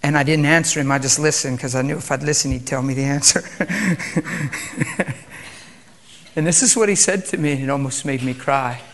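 A male preacher, subdued, calm and quiet, moving between prayer and a reverent sermon. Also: mid-range voice, fast, few pauses.

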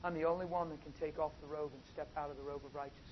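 A man preaching a sermon, swinging from soft asides to loud, drawn-out emphatic phrases. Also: fairly high pitch, steady tone. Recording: dull, lo-fi with faint noise.

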